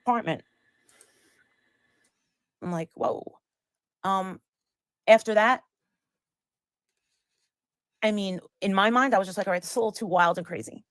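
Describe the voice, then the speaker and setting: A woman's voice: mid-range voice, a little slow, long pauses, no room sound. A woman telling a story in casual chat, rambling and acting out the lines of the people in it. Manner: rambling, acts out quoted lines. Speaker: guest storyteller.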